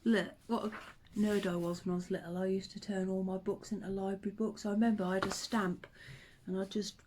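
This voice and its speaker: A woman, chatting to the camera and telling old stories in a relaxed, reminiscing way. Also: medium pitch, fairly quick, noisy background. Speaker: vlogger. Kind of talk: casual chat to camera.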